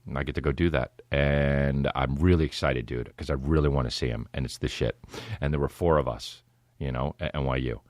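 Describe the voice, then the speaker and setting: A man's voice: extremely low pitch, steady tone, brisk, no echo. A man in his thirties hosting a podcast, telling a rambling, profane, laid-back comedic story. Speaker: podcast host.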